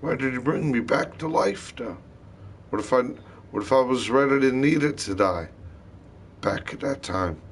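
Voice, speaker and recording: A man rambling in a loose, wandering monologue, peppering his talk with curses. His voice sits at an ordinary middle pitch, with a faint hum of noise underneath. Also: lively intonation, normal speed. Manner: profane, wandering storytelling.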